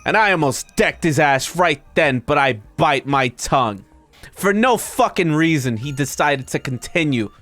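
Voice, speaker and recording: Guy streamer reading a dumb story out loud to chat, kinda high voice, faint music behind. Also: normal speed, no echo. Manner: animated, breaks into high-pitched disbelieving asides.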